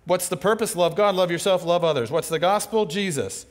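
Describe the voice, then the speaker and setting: A man preaching a sermon in a lively, conversational way, acting out quoted voices as he goes. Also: high-pitched, brisk. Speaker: pastor.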